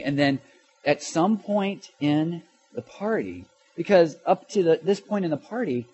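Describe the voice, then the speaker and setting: Animated storytelling man preaching. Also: a little high, highs cut off. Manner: animated storytelling, stammers and restarts, swings from loud to hushed. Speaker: pastor. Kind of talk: sermon with personal story.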